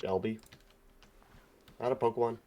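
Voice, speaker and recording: A man's voice: medium pitch, steady tone, moderate pace, mellow. A man on a voice chat joining a game, making dry, teasing remarks. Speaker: fellow player on voice chat. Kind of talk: casual voice chat.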